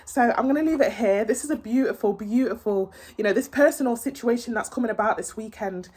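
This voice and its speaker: A woman's voice: on the high side, fairly quick, a little mellow, husky. A woman giving a casual tarot reading to her viewers, earnest and reassuring, with many fillers and repeated words. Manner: emotional, tearful, earnest and reassuring. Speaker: tarot reader.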